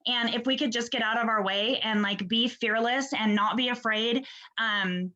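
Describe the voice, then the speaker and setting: A woman's voice: on the high side, moderate pace, sharp tone, dull audio. A woman hosting a video call, chatty and enthusiastic, swearing now and then. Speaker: host. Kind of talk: casual video call chat.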